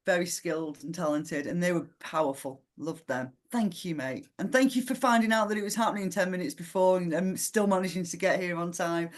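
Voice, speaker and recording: A woman hosting an open mic poetry night, chatting casually and warmly, calling people mate and laughing often. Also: on the low side, a little fast, hardly any pauses. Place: live poetry night venue.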